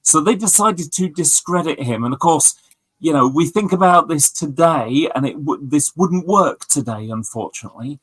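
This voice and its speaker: Rambling, higher-pitched man telling stories. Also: expressive, normal speed, a bit bright, slightly rough, no echo, low-quality recording. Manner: rambling, storytelling with many fillers. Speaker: streamer chatting with friends. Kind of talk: casual chat.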